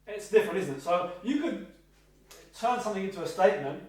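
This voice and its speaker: Halting man teaching in an echoey room. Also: high-pitched, animated. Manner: halting, with many ums and slow emphatic pauses. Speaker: hypnotherapy trainer. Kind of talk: seminar teaching. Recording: echoey room, heard from a distance.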